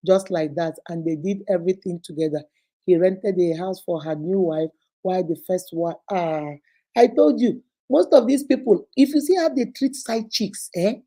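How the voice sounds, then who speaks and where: Warm, animated Nigerian woman vlogger. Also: mid-range voice. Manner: animated, preachy. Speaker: vlogger host. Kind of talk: casual chat to viewers.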